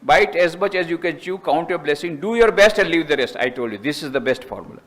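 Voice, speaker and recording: A man with an Indian accent, a monk giving a lecture, emphatic and repetitive, climbing high in pitch to stress his points. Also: lively intonation, fast, fairly bright tone.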